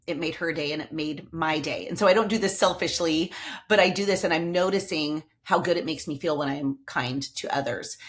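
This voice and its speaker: Fairly low-pitched yet a bit bright, the host of a motivational podcast shares stories with chatty enthusiasm in an upbeat tone.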